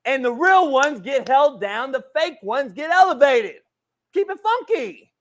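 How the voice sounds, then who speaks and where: A man's voice: very high voice, very animated, measured pace, a bit bright. A man hosting a sports talk show, ranting profanely and calling people homie. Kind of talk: heated sports debate.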